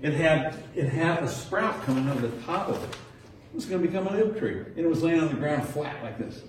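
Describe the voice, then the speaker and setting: A man leads an informal talk for a small group indoors, chatty and animated, playing the kids' answers in brighter voices. He is picked up from a distance, so the room echoes heavily around him. A faint noise sits underneath. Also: a little high, fairly quick. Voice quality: chatty, acts out kids' answers with rising tones. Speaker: nature center docent training teachers. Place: indoor room with a nature diorama.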